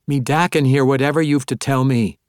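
A man's voice: mid-range voice, fairly even intonation, a little fast, clear, resonant tone, no room sound, studio quality, voice pushed up, lightly acted. A man voicing a stubborn young woman in labor in an audiobook, speaking bluntly and insistently.

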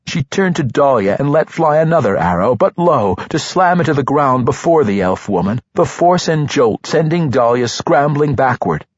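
Husky, expressive male audiobook narrator. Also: medium pitch, moderate pace, few pauses, no room sound, lo-fi sound. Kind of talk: scripted fantasy narration.

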